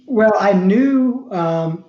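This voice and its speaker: A man from Florida, a former wrestler, telling his story as a guest in a casual interview, rambling and relaxed. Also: high voice, extremely slow, echoey room, dull audio. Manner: relaxed, rambling, laughs while telling stories.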